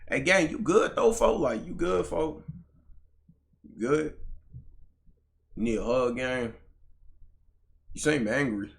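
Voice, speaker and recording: A man's voice: medium pitch, expressive, takes it slowly, vocal fry, pauses often. A young man streaming live, bantering with his chat in a slangy, profane, casual way.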